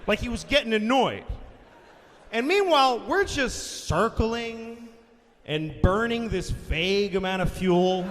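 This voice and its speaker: Man, stand-up comedian, high voice, very lively pitch, shouts punchlines, profane, reverberant live venue, faint hiss. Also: a little slow. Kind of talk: stand-up storytelling.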